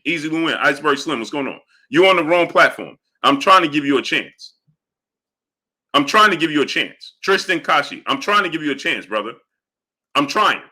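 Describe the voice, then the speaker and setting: A man's voice: a little high, pushed and bright. A man hosting a live boxing stream, arguing with chatters and greeting them by name. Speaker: livestream host. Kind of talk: live chat boxing talk.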